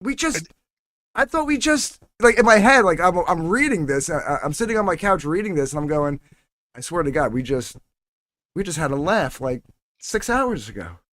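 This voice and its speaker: A man's voice: fairly high pitch, very animated, brisk, fairly bright tone, dry recording. A man co-hosting a podcast, telling a story casually and quoting himself. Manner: storytelling, quotes himself, many fillers. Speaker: podcast co-host. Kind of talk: casual chat.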